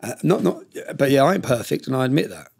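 Fast-talking gravelly man. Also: medium pitch, very animated, a little mellow. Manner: emotional, rapid, swearing often. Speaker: podcast guest. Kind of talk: candid personal storytelling.

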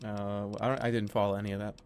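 A man's voice: fairly low pitch, level tone, fast talker, darkish tone. A young adult man streaming a game in casual commentary, laughing often, exclaiming and swearing freely.

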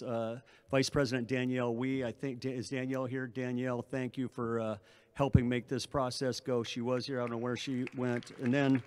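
A middle-aged man, an athletic director, speaking at a press conference, giving long thank-yous with frequent restarts and fillers. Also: medium pitch.

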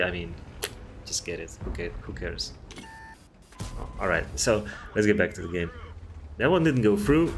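Man, game commentator, lowish voice, casual rambling commentary, swears a lot. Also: a little hiss or hum. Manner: rambling, chatty, swears freely. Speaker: gameplay commentator.

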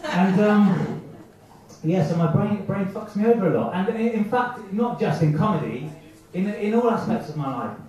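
A man's voice: high voice, animated, moderate pace, a little mellow, recorded from a distance. A man doing a rambling, self-mocking stand-up set at an open mic night, acting out the voices in his head. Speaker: stand-up comedian. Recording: echoey, muffled amateur club recording from afar.

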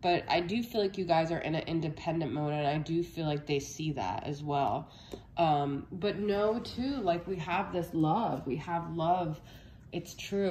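Young woman doing a chill tarot reading, kinda out of breath, low mellow voice, keeps saying okay. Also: unhurried, reverberant, slight background noise. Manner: chatty, reassuring, many "okay?" check-ins. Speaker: tarot reader. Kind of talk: casual collective tarot reading to camera.

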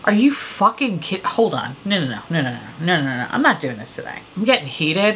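A woman's voice: lowish voice, fairly quick, slight background noise. A woman vlogger reviewing makeup releases in a profane, exasperated rant. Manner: exasperated, profane, animated ranting. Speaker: beauty vlogger. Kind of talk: profane ranting commentary on product prices.

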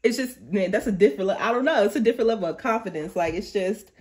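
Husky, fast and medium-pitched, a tarot reader chats through an informal reading for her viewers. She's lively and uses plenty of slang. Her flow keeps breaking as she acts out thoughts in quotation.

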